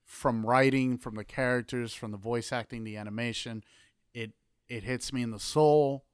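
Smooth, earnest podcast co-host, a man. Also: mid-range voice, steady tone, normal speed, no echo, clean studio sound. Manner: earnest, heartfelt, casual swearing. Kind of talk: casual chat.

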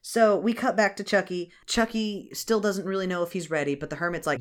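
A woman's voice: mid-range voice, fairly even intonation, brisk. A woman co-hosting a podcast, recapping a cartoon film in casual chat, laughing, swearing and acting out scenes in silly voices. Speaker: podcast co-host.

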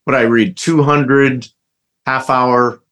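A man's voice: medium pitch, steady tone, takes it slowly, a bit bright. A man co-hosting a podcast, chatting casually and adding short affirming replies. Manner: brief affirming interjections. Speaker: podcast co-host. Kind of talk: casual chat.

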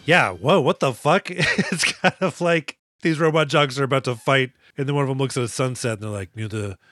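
A man's voice: mid-range voice, fairly quick, pushed and bright, no room sound. A man co-hosting a podcast, retelling a movie in a casual, profane and laughing way. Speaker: podcast co-host. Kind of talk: casual movie-review chat.

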